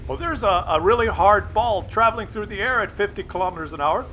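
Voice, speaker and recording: High, bright-voiced man ranting. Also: expressive, brisk, few pauses, slight background noise. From Canada. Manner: profane, sarcastic, mock play-by-play. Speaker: gaming channel host. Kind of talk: ranting commentary over gameplay.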